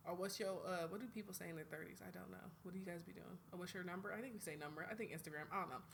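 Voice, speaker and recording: A young adult woman from Atlanta hosting her own podcast in an animated, chatty way. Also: on the low side, very fast, creaky, slight background noise. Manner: animated, chatty, swings between loud outbursts and quiet asides. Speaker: podcast host. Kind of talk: casual solo podcast chat.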